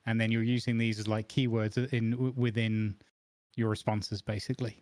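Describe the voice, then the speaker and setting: A man's voice: on the low side, little pitch movement, moderate pace, darkish tone, no room sound, studio quality. A man casually explaining game rules on a stream, rambling with fillers.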